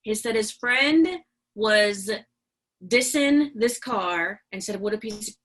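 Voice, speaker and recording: A woman's voice: mid-range voice, slow. Chatty middle-aged woman telling stories. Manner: animated, chatty, many fillers and laughs. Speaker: podcast guest, business owner. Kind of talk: casual interview storytelling.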